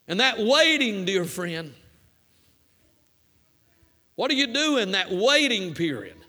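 A man's voice: sits high, sharp tone. A middle-aged man preaching a sermon, telling a personal story in a folksy way that builds to fervent emphasis.

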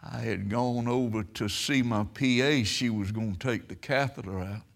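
A man preaching a sermon, telling stories and swelling into loud, emphatic preaching. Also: mid-range voice, normal speed, gravelly.

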